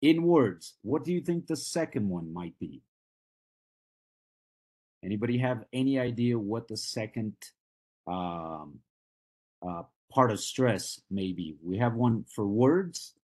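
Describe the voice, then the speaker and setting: Slow, husky-voiced male English teacher. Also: fairly low pitch, expressive, darkish tone. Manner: patient, asks the class questions and checks understanding. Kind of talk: live online class lecture.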